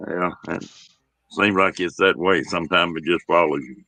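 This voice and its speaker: A deep, low-voiced man chatting slowly and easily on a livestream. His tone is bright and forward, and the sound is dry and close, with no room around it. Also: fairly even intonation, no room sound, low-quality recording. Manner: slow drawling talk, laughs a lot. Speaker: host. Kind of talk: casual livestream chat.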